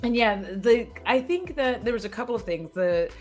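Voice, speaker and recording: A woman's voice: on the high side, animated, normal speed, faint music behind. A woman beauty creator chatting casually and frankly to her viewers, swearing and laughing often. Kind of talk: casual livestream chat.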